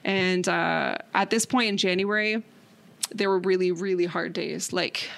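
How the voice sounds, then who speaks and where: A woman earnestly telling a personal story in a casual interview, halting, with many fillers. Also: fairly low pitch, gravelly, fairly bright tone. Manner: earnest, halting, tearful at times. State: crying. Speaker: guest.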